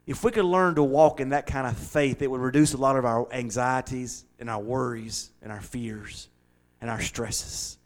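A man preaching a sermon in an emphatic style, repeating phrases for effect and rising to loud, high excitement. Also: moderate pace. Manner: builds to loud high-pitched excitement at times.

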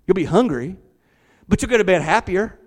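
A middle-aged man, preaching a lively, conversational sermon from a church hall. He repeats his words and talks back to the congregation. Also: sits high, normal speed. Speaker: pastor. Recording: long church hall reverb.

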